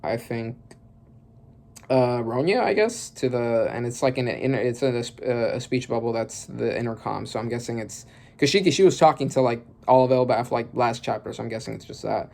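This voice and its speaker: Man, casual reaction host. Gravelly voice, mid pitch, rambling and self-correcting. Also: normal speed, a little mellow. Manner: rambling, thinking aloud with many fillers and restarts. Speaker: manga reaction youtuber.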